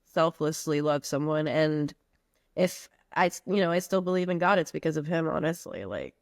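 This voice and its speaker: A low-voiced woman from the U.S. Virgin Islands guests on a podcast, speaking at normal speed in a candid, heartfelt personal conversation with casual slang. There's no room sound; the recording is dry and close.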